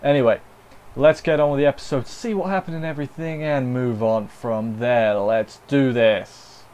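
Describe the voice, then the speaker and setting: A man's voice: mid-range voice, steady tone, normal speed, darkish tone, muffled recording. Rambling jokey man reviewing anime. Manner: rambling, self-correcting, jokey asides. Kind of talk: casual unscripted video review.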